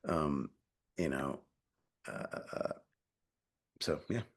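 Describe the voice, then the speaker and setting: A man's voice: a bass voice, lively intonation, extremely slow. A young adult man, an actor being interviewed, talking casually in a rambling way with lots of fillers and restarts, and swearing freely.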